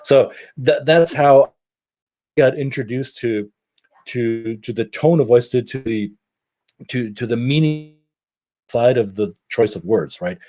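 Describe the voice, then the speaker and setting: A middle-aged man from Germany, telling stories in a casual podcast chat, animated and prone to restarts. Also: medium pitch, measured pace, long pauses. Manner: animated storyteller with frequent restarts. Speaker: podcast co-host.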